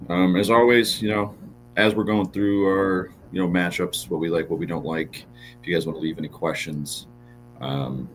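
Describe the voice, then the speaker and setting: A man co-hosting a casual fantasy football show, relaxed and joking, with plenty of fillers. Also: sits low, moderate pace, soft background music, poor audio. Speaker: podcast co-host. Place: podcast studio.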